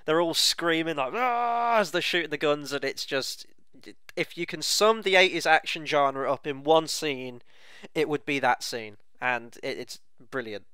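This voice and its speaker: A man co-hosting a casual film review chat, relaxed and rambling. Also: on the high side, moderate pace, clear, resonant tone, no echo. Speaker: film club co-host.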